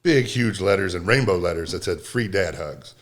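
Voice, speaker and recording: Low-voiced man getting emotional. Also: animated, moderate pace. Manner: emotional, choking up while telling stories; rambling with many restarts and fillers. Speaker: podcast co-host. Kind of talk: casual chat.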